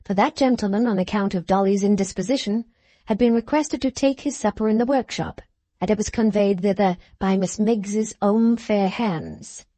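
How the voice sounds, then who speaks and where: A woman's voice: medium pitch, moderate pace, warm tone, no room sound. Woman narrating a classic novel. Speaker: audiobook narrator.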